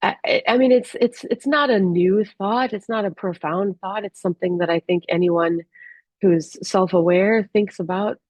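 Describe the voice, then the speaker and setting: A woman who works as a rural doctor tells a personal story in a candid, halting way, full of restarts and fillers. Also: medium pitch, darkish tone, no room sound.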